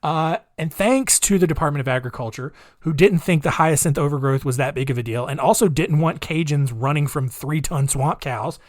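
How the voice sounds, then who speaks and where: A male podcast host tells odd stories from history in a loose, rambling monologue and stops often for sarcastic jabs. His voice sits a little high for a man. The sound is very dry and close to the mic. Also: moderate pace, hardly any pauses, no room sound. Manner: chatty, rambling, sarcastic asides. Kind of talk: casual comedic monologue.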